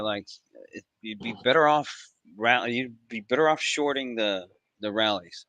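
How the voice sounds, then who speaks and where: A man hosting a live trading stream, talking in casual, profane banter with sudden loud outbursts. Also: medium pitch, normal speed, no echo, low-quality recording. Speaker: livestream trading host. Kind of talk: casual livestream chat.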